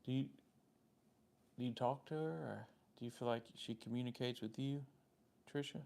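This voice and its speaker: A man's voice: medium pitch, moderate pace, vocal fry, a little mellow. A man with a Southern US accent hosting a casual live stream, rambling in a friendly way as he answers viewers' comments by name. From Southern United States.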